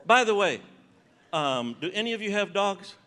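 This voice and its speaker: A man's voice: high-pitched, big pitch swings, normal speed, pushed and bright. Seventies man doing teasing stand-up. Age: 70s. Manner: conversational, teasing audience members. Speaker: comedian. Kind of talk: stand-up comedy with audience banter. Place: large conference hall stage.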